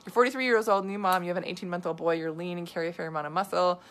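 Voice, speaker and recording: A woman nutrition coach hosting a live video, answering viewer questions in an animated, chatty way with lots of asides and laughs. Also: lowish voice, racing. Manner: animated, gesturing a lot while talking.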